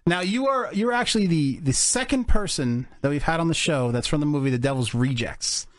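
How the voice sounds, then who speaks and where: A man's voice: a little high, lively intonation, brisk, no echo, clean studio sound. Rambling man hosting a podcast. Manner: rambling, many fillers, laughs a lot. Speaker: podcast host. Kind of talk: casual podcast chat.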